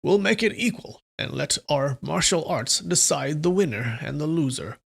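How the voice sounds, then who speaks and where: A man voicing a calm, wise old male priest, speaking slowly and reasonably. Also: a little high, gravelly, breathy edge, pitched above the performer's own voice, heavily acted. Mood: reasoning. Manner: slow, measured and reasonable.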